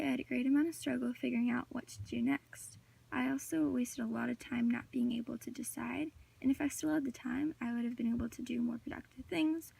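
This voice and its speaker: Recorded at a distance from the microphone, a teenage girl reads her prepared class project presentation with a few filler words. Her voice sits high, sounding mellow and slightly rough, with vocal fry.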